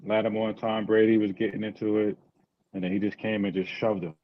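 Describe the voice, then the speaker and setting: Man, very low voice, laid-back sports podcast co-host, muffled slightly noisy audio. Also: level tone, a little fast. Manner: laid-back, short replies, asks questions. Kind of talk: casual sports chat.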